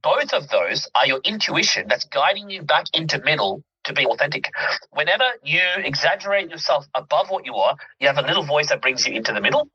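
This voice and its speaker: A man's voice: a little high, animated, brisk, bright, forceful tone, slightly rough. A man, a mindset coach, speaking as an interview guest, explaining earnestly with examples and often checking that the listener follows. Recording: dull lo-fi audio.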